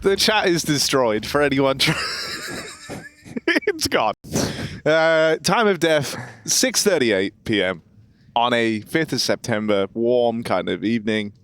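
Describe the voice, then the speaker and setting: A man's voice: mid-range voice, very animated, takes it slowly, fairly bright tone, no room sound. A man casting an esports match, joking and self-mocking between plays. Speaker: esports caster. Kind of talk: esports commentary and banter.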